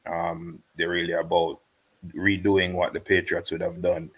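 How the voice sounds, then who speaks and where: A man joining over a video call as a sports guest, speaking steadily with frequent pauses. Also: low-pitched, little pitch movement, husky, low-quality recording. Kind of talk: casual sports analysis.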